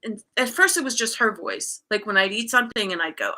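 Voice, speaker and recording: A woman speaks as a guest in a relaxed, conversational exchange, with a bright, forward tone. She tells a personal story openly, leaning on fillers like "um" and "you know" and restarting her sentences as she goes. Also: medium pitch, a little fast, hardly any pauses. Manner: candid, storytelling with frequent fillers. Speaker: guest, coach. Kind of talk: casual conversation.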